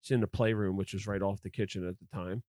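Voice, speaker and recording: A man's voice: on the low side, fairly even intonation, fast talker, dark tone, no echo, clean studio sound. A middle-aged man telling rambling stories in casual podcast chat, swearing freely. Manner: rambling storyteller, swears often. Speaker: podcast guest.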